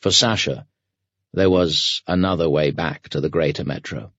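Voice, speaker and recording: A man reading an audiobook as narrator in a measured, even storytelling manner. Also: a bass voice, no room sound. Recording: dry, muffled studio read.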